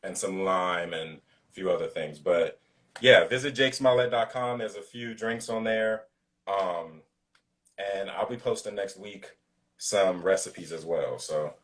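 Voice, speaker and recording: Male guest, lowish voice, laid-back chat over a video call, filler-heavy. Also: a little slow, distant mic. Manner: relaxed, loose, filler-heavy talk. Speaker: guest cook. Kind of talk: casual interview chat.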